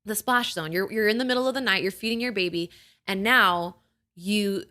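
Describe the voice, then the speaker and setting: Her mid-range voice sounds pushed and bright at a normal pace as this young adult woman hosts a podcast for new mothers. She talks casually and reassuringly, explaining things conversationally with plenty of "like" and regular "right?" check-ins.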